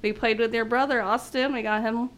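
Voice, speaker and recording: A woman's voice: on the high side, fairly even intonation, fairly bright tone, a little hiss or hum. Bubbly woman co-hosting a podcast. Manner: bubbly, laughs often, quick asides. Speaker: podcast co-host. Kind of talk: casual chat.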